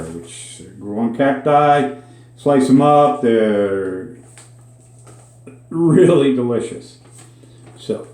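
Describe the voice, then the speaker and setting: A man's voice: a little high, darkish tone. A man with a Minnesota accent, teaching a daily Spanish word in a chatty, folksy way with dry asides. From Minnesota, USA. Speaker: host teaching Spanish words. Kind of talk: casual spoken lesson. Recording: echoey room.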